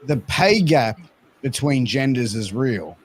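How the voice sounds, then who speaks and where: A man's voice: mid-range voice, expressive, slow, slight background noise. A man in his thirties chatting on a podcast in a laid-back way, calling people bro and dude. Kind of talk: casual chat.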